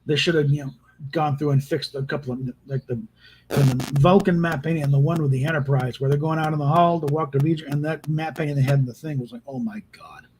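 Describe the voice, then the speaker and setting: Rambling man with a slightly high voice. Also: fairly even intonation, fast, a little mellow, slight background noise, low-quality recording. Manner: rambling, with frequent restarts and exasperated asides. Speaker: video host reviewing a film. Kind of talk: casual unscripted commentary.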